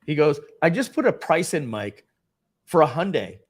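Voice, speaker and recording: A man in his forties tells a casual anecdote from his working life, animatedly acting out the voices of the people involved. His voice is a little high and breathy-edged, at a moderate pace.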